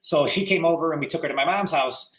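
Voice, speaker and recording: A man's voice: on the high side, fast talker, echoey room, slight background noise, poor audio. A man telling a story in casual podcast chat, acting out what others said. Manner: animated storyteller acting out quotes. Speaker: real estate agent.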